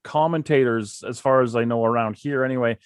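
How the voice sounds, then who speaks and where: A man's voice: medium pitch, brisk, clear, resonant tone, dry recording, clean studio sound. Earnest man chatting as a podcast guest. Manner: earnest, opinionated. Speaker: podcast guest, wrestling commentator. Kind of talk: casual podcast chat.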